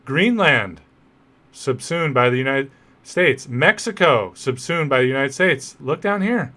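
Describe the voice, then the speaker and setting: A male podcast host talks through a political commentary monologue in a medium-pitched voice. He keeps it conversational, checking in with listeners through quick rhetorical asides. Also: lively intonation, pushed and bright.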